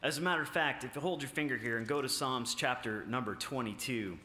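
A man preaching a sermon, halting with many filler sounds and restarts, then rising with emphasis on key points. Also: medium pitch, bright, forceful tone, slight background noise. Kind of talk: sermon with scripture reading. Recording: echoey room.

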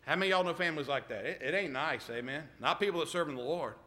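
A man's voice: fairly high pitch, fast talker, pushed and bright. A middle-aged man preaching a sermon, often stopping to ask "amen?" of the congregation. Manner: emphatic call-and-response, repeated "amen?".

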